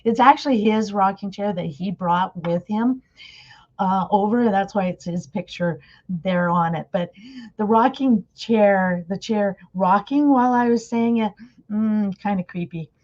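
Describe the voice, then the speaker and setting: A woman presents a casual webinar over a video call, chatty and frequently posing questions to her audience. Her mid-range voice is darkish and measured in pace, and the audio sounds dull.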